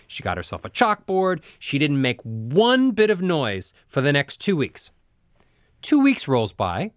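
A man giving a spoken voice lesson as a voice coach, telling stories with animated, emphatic asides. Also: a little high, no room sound, clean studio sound.

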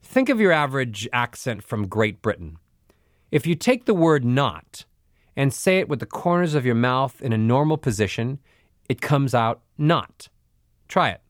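A man coaching voice technique with a lively, rising-and-falling delivery. He talks the listener through exercises and demonstrates the sounds himself. The recording is close and dry, with no room sound. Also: mid-range voice, normal speed, dry recording. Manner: animated, demonstrates sounds aloud. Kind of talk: instructional voice lesson.

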